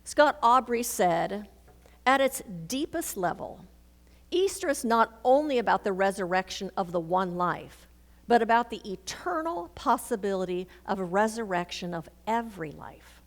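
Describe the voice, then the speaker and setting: A woman's voice: medium pitch, normal speed. A woman minister giving a sermon, telling a personal story and acting out the dialogue in it. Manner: storytelling, animated, acts out dialogue. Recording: reverberant hall.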